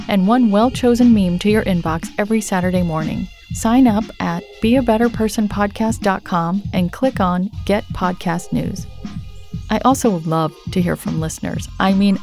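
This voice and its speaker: A woman hosts a self-help podcast in a voice that sits in the middle of her range. She talks in a gentle, reassuring, conversational way. Faint music plays behind her. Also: mid-range voice. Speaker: podcast host.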